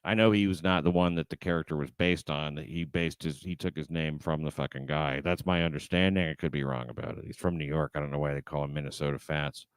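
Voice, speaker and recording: Fast and smooth with few pauses, this bass-voiced man keeps a steady tone while running his livestream. He reads the live chat aloud and chats loosely, swearing, rambling, and restarting often amid lots of fillers. There's no room sound.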